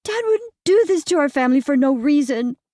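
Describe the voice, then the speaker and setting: A woman's voice: animated, fairly quick, warm tone, dry recording, clean studio sound. A woman narrator voicing a grieving teenage daughter who pleads through tears. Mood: pleading. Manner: high tearful pleading.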